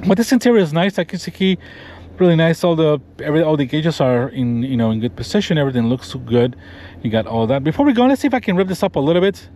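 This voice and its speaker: Talking fast with an animated, somewhat high yet mellow voice, this Floridian reviews a pickup truck on his vlog, circling it and climbing into the cab. His show-and-tell is eager and rambling, full of restarted sentences, with slight background noise in the clip.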